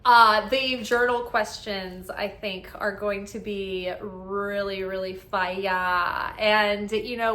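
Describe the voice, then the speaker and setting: A woman's voice: medium pitch, fairly even intonation, slow, hardly any pauses, bright, forceful tone, reverberant. A woman giving casual spiritual guidance as an oracle card reader, chatty and upbeat, often tagging "right?" onto her thoughts.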